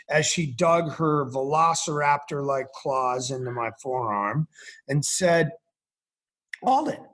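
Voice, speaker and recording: A middle-aged man from central Massachusetts, a podcast guest telling vivid stories. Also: medium pitch. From central Massachusetts, USA. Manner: vivid storyteller, animated. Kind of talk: storytelling in an interview.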